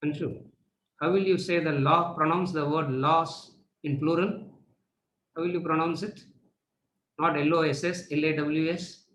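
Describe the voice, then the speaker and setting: A man's voice: on the high side, steady tone, a little slow, long pauses, fairly bright tone, a little hiss or hum. A man teaching a class, repeating rhetorical questions and then answering them himself. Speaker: spiritual teacher. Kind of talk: lecture to students. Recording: echoey room.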